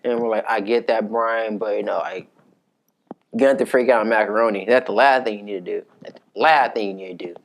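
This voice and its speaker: A man telling a story in a casual, conversational way, animated and profane. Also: fairly low pitch, fast talker, creaky.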